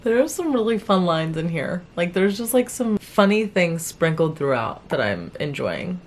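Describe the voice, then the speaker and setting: Low-voiced chatty young woman vlogger. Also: normal speed. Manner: chatty and animated, talks to viewers, laughs often. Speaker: book vlogger. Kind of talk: casual chat to camera.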